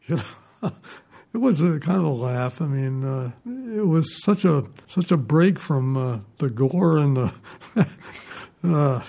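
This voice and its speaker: A man's voice: fairly high pitch, expressive, unhurried, gravelly, warm tone. An older man, a retired newspaper reporter, telling rambling stories in an interview. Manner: rambling, chuckling anecdotes. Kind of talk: storytelling in an interview.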